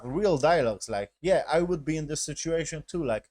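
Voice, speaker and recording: A man's voice: fairly high pitch, expressive, brisk, darkish tone, dry recording. A man giving a casual, rambling recap of a show episode in non-native English with broken grammar. He swears a lot and keeps checking in with "basically" and "yes?". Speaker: episode reviewer.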